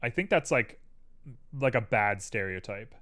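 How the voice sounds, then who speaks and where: A man's voice: mid-range voice, expressive, unhurried, a bit bright. A man hosting a live stream, casually chatting and thinking aloud to viewers as he builds a 3D model.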